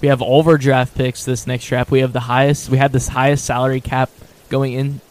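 A young man in casual sports chat with friends, talking in an excitable, animated way. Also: medium pitch, a little fast. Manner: excitable, animated fan talk.

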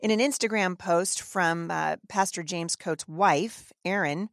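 A woman's voice: on the low side, measured pace, creaky, no room sound, studio quality. A woman hosting a podcast, giving emphatic, indignant opinion commentary and often restarting her sentences. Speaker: podcast host.

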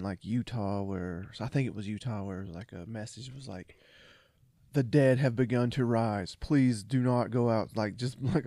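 Guy cohosting a podcast, warm mellow voice, laughs a lot, loses his thread, dry close mic. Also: lowish voice, gravelly, no room sound. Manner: laughs often, trails off and restarts. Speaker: podcast co-host. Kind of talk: casual chat.

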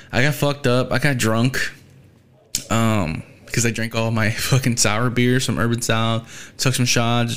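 A man's voice: mid-range voice, clear, resonant tone. A young man talking as a podcast host in casual, rambling chat, swearing often as he vents his annoyance.

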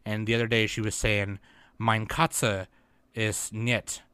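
A man's voice: lowish voice, level tone, slow, sharp tone, clear, resonant tone, dry recording. A young man co-hosting a podcast, chatting in a loose, rambling and profane way. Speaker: podcast co-host. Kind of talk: casual chat.

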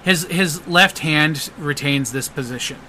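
A man narrating a tabletop role-playing game as game master. He speaks in a halting way with lots of fillers and restarts. His voice is bright and sharp and sits a little high. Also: slight background noise.

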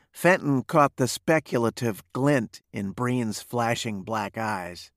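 Gravelly man reading a western. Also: medium pitch, animated, slow pace, hardly any pauses, fairly bright tone, no room sound, studio quality. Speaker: narrator. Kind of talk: reading a western novel aloud.

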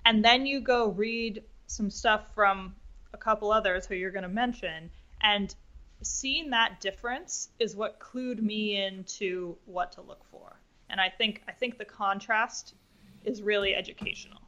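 Bright-voiced woman, dull lo-fi sound. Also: mid-range voice, measured pace. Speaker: podcast co-host. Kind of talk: casual investing chat.

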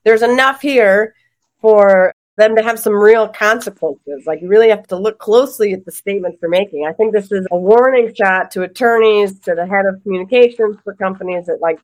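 On a podcast panel discussion, a female law professor with a medium-pitched voice talks in rapid, lively bursts, frequently breaking into laughter.

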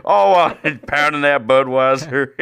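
A man's voice: on the high side, fairly bright tone, a little hiss or hum, voice pushed up, full character voice. A man impersonating a rambling, boastful old drunk baseball announcer.

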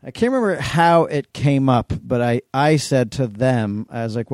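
A man's voice: mid-range voice, lively intonation, normal speed, few pauses, darkish tone, no room sound, studio quality. A man co-hosting a podcast in casual chat, easygoing, retelling a family scene in dialogue. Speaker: podcast co-host.

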